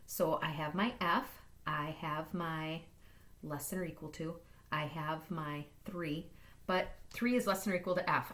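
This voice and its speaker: A woman math teacher walking through inequality problems in a recorded lesson, upbeat and playful, talking fast. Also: lowish voice, fairly bright tone.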